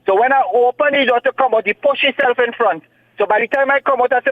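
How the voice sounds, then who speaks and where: A man's voice: very high voice, fast talker. A man with a Trinidadian accent calling in to a talk show, telling his side of a dispute in an agitated, defensive way over the phone. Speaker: caller. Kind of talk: phone-in call. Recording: tinny phone line.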